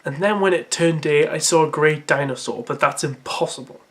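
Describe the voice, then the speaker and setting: A man's voice: on the high side, normal speed, fairly bright tone. A man reads his childhood story aloud as comedy. He keeps interrupting himself with sarcastic, mocking remarks and laughs at the writing. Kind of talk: comedic dramatic reading with commentary.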